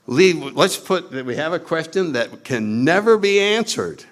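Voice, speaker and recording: Recovery meeting speaker, man, wry and self-mocking, animated voice with lots of swing. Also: fairly high pitch, slow pace. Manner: animated, acts out his own past lines in put-on voices. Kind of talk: storytelling talk to a meeting audience.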